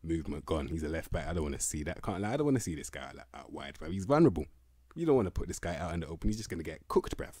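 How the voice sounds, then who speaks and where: A man's voice: low voice, big pitch swings, rapid-fire, a little mellow, breathy edge, no echo, clean studio sound. A young man, giving blunt, slangy, casual commentary on player ratings for a video. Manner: slangy, blunt, laughing, repeats "bruv" and "can't lie". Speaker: game content creator.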